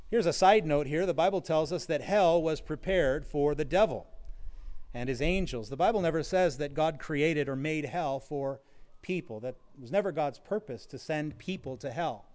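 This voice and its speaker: A man preaching an earnest sermon, his voice sitting a little higher than most men's. He leans into key phrases by getting louder, then drops back down, and now and then slips in a dry bit of humor. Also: normal speed. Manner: earnest, varies loudness for emphasis, occasional wry humor. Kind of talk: sermon on scripture.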